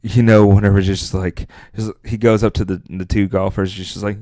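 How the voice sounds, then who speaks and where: Here a podcast co-host rambles through casual movie talk, dropping fillers and restarting often. His voice sits on the low side and is warm, with little pitch movement and a fairly quick pace, recorded dry.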